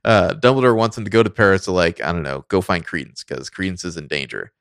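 A podcast co-host with a low voice talks fast in a casual film review chat, loose and profane, swearing offhandedly and saying "like" constantly. The sound is clean studio quality with no room sound.

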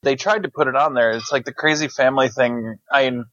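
A man co-hosting a casual film review podcast, talking in an animated way and acting out jump scares. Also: mid-range voice, brisk, dry recording, lo-fi sound. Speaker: podcast co-host.

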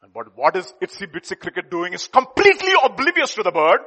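Animated husky preacher. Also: male voice, high voice, fast. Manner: animated, playful, laughing. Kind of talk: sermon with storytelling.

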